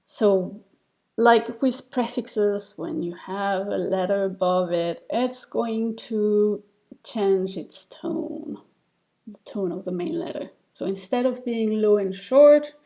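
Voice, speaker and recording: A woman's voice: mid-range voice, slow pace, dark tone. A woman teaching a beginner reading lesson, explaining step by step in a patient way, with fillers and small restarts. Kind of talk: recorded lesson over slides.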